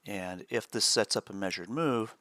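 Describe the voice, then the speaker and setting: A man's voice: fairly low pitch, moderate pace, a bit bright, no room sound, clean studio sound. A man co-hosting a live day trading stream, chatting casually and chuckling as he explains chart setups.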